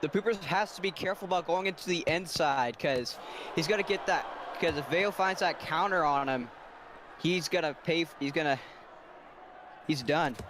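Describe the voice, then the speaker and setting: Male color commentator, tactical and quick, a touch high, noisy mix. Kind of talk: live fight color commentary. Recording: noisy livestream audio.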